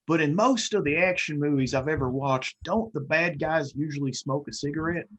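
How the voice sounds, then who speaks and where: A man's voice: a little high, moderate pace, fairly bright tone, poor audio. A man playing a tabletop role-playing game, joking around in playful banter. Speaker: player. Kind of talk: casual tabletop role-play chat.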